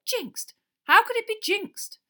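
A woman reading an audiobook, voicing an excitable teenage boy sports captain who exclaims eagerly in a raised voice. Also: slow pace, full character voice. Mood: astonished. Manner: breathless, eager, high-pitched exclaiming. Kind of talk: audiobook character voice.

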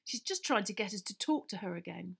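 A woman's voice: medium pitch, expressive, fairly quick, gravelly, fairly bright tone, slightly rough, exaggerated voice. An irritable teenage boy, voiced by a woman reading a storybook, grumbling and snapping back at others. The voice stays close to her own, with a sulky, short-tempered edge. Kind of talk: audiobook character voice.

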